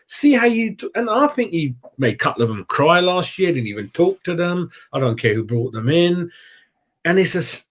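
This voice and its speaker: Man, host of a fan chat, rambling, animated, mid-pitched voice. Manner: rambling, animated, lots of "mate". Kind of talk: casual football fan chat.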